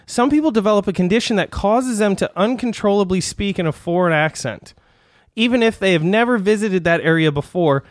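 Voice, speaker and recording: A man with a fairly high voice rambles through a comedy bit, playing a doctor and reading out strange diagnoses. He laughs and restarts his sentences often. The sound is dry and close. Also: no room sound. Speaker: comedy podcast host.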